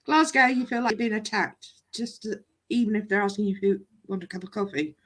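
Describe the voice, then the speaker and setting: A woman's voice: medium pitch, fast, a bit bright. A woman chatting casually on a live stream as co-host, laughing often and mimicking regional accents.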